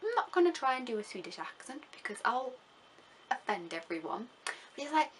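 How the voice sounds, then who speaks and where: A woman's voice: fairly high pitch, sing-song, a little fast, a little hiss or hum. A young woman from England, talking casually over her travel vlog in a chatty, rambling way full of fillers. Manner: chatty and rambling, with many fillers and gushing words. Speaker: vlogger.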